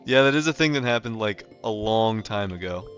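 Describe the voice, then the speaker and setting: A young North American man on a livestream talks loosely while he plays, rambling and filling gaps with "like" and "um." His voice sits on the low side and is animated and a bit bright, at a normal speed. The stream audio is slightly muffled, with faint music behind it.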